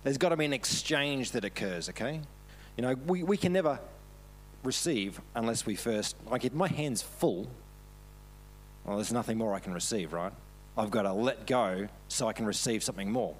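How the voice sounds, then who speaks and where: Animated man preaching a sermon. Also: medium pitch, normal speed. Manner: self-deprecating, laughs often while talking. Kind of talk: casual storytelling sermon. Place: church service.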